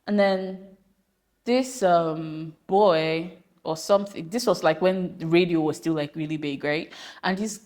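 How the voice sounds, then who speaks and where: A woman's voice: lowish voice, unhurried. Chatty young woman telling a story. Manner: chatty, animated storytelling with rambling asides. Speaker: podcast host. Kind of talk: casual monologue.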